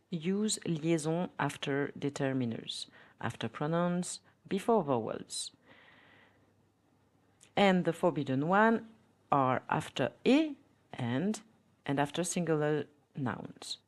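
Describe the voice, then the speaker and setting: Low-voiced woman teaching a language lesson. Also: sing-song, slow. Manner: careful teaching delivery, reads example phrases aloud. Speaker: French teacher.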